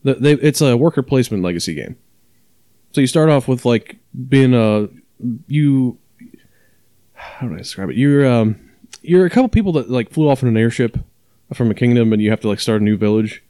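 A man's voice: mid-range voice, lively intonation, brisk, long pauses, dark tone, no echo. A man co-hosting a podcast in casual chat, explaining things at length with many fillers and restarts. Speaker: podcast co-host.

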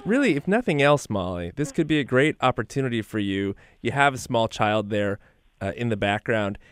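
A man's voice: medium pitch, animated, normal speed, clear, resonant tone. A man hosting a radio talk show, playful and teasing with his guests. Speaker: radio host. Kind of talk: casual radio chat.

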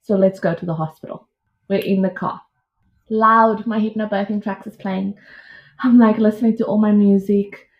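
A woman's voice: medium pitch, moderate pace, lo-fi sound. Chatty woman telling a story. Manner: lively, chatty retelling with quoted dialogue. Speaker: podcast guest. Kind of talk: casual storytelling.

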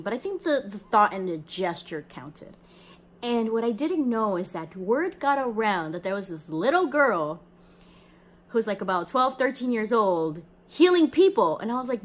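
A woman's voice: mid-range voice, animated, normal speed. A young woman hosting a podcast, telling a personal story in a chatty way, laughing often and acting out the people she quotes. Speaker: podcast host.

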